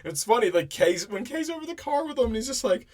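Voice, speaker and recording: A man co-hosting a casual film review podcast, recapping scenes with animated bits of mock dialogue. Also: very high-pitched, fast talker. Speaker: podcast co-host.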